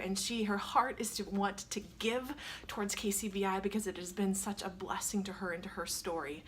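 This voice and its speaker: A woman's voice: medium pitch, fairly quick, slight background noise. A woman hosting a radio show, telling a personal story in an earnest, emotional way and fighting back tears. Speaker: radio host. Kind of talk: casual on-air storytelling.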